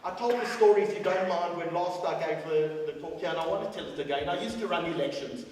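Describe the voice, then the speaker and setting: Man, middle-aged, dramatic storyteller, high-pitched, booming hall echo, faint room hum. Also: fast. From South Africa. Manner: dramatic storyteller, swings between loud and quiet. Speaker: guest speaker. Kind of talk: storytelling speech. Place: large school hall. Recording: echoey hall from far off.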